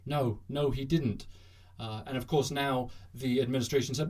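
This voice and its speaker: Male host, satirical news monologue, sarcastic and jokey, mid-pitched. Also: moderate pace, darkish tone. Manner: sarcastic, jokey, bursts into mock cheering.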